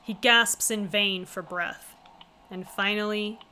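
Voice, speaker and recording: A woman's voice: medium pitch, steady tone, takes it slowly, sharp tone, slight background noise. A woman streamer reading a visual novel aloud, with wry, chatty asides in between. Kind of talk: casual reading with commentary.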